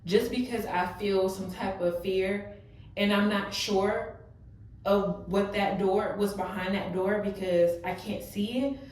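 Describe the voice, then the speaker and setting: A woman's voice: medium pitch, fairly even intonation, slow pace, a little mellow, recorded from a distance, slight background noise. A young woman, talking openly and emotionally to her viewers, full of casual fillers. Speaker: vlogger. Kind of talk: heart-to-heart vlog talk. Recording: echoey room, voice off-mic.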